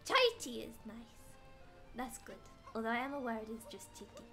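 A woman's voice: on the high side, sing-song, moderate pace, bright, forceful tone. A young British woman chatting playfully while streaming a game, exclaiming as she plays. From Britain. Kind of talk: casual gaming stream chat. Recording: faint background music.

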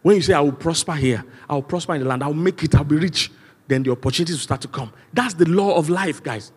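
A Nigerian man preaches in a large church hall, and his voice rings with a long reverb. His pitch sits a little high. He drives his points home with repeated refrains and calls for the congregation to answer back. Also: fast, slightly rough. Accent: Nigerian English. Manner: emphatic preaching with call-and-response and repeated refrains. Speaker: pastor. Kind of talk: sermon.

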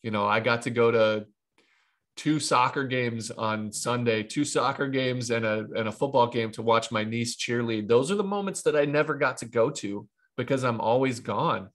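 A man in his thirties from Ohio, a retired baseball pitcher telling stories as an interview guest, rambling with frequent restarts and asides. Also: normal speed. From Ohio, USA. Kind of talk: casual interview storytelling.

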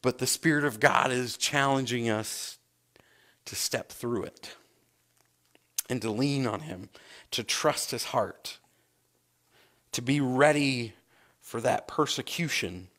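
A man's voice: mid-range voice, takes it slowly, long pauses, a bit bright. A man, a pastor preaching a sermon and acting out scripture scenes with big swings in his voice.

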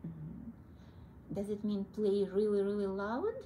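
A woman's voice: medium pitch, a little slow, dark tone, slight background noise, low-quality recording. A woman with a Russian accent teaching a piano lesson, patient and coaxing, calling her student sweetie. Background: piano playing.

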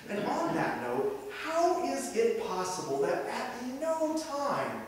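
A man in his thirties preaching a sermon as pastor, conversational and animated, posing rhetorical questions to the congregation. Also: very high-pitched, slow, few pauses, far from the mic, slight background noise. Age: 30s. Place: church sanctuary. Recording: very echoey hall, heard from afar.

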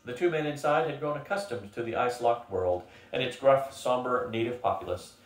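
An older man reads a novel aloud as a steady storyteller, his voice at an ordinary male pitch. The room rings noticeably, and he sits some way from the mic. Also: fairly quick. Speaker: reader. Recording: roomy, from a distance.

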